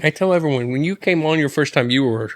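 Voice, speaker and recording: A man's voice: fairly high pitch, quick pace. A man hosting a podcast in a studio, chatting casually and laughing often. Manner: laughs often, jokes about friends. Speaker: podcast host. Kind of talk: casual chat. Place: studio with mics and headsets.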